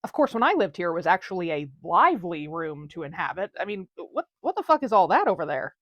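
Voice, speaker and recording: A woman's voice: lowish voice, big pitch swings, quick pace, a bit bright, no echo. A woman voicing a bawdy, teasing female ghost over a century old, in a comedic audio drama. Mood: mocking. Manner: crude, teasing, mocking.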